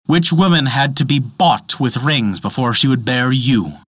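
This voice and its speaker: A man's voice: medium pitch, animated, a little slow, fairly bright tone, slightly rough, no room sound, clean studio sound. A man voicing a blunt, proud male dwarf who is testy and haughty. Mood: scornful.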